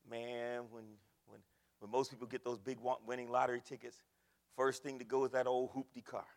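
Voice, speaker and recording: A man preaching a sermon, dropping to hushed storytelling and rising to loud preaching. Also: mid-range voice, level tone, brisk, long reverb tail. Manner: folksy, addresses the congregation as y'all.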